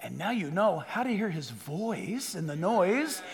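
A gentle, patient God speaks, voiced by a man preaching, high and lively in tone. The voice carries a long echo through a large hall, with faint music behind. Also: unhurried, creaky, heavily acted.

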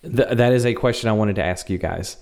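A man's voice: on the low side, fairly quick, vocal fry, darkish tone. A man co-hosting a podcast, asking the group questions and chuckling through casual banter. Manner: amused, chuckles often, asks the group questions. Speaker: podcast co-host.

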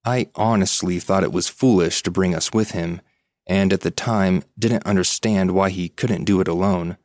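Low-voiced man narrating a ghost story. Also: steady tone, moderate pace, darkish tone, dry recording, clean studio sound. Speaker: podcast host reading listener stories. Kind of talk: scripted horror story narration.

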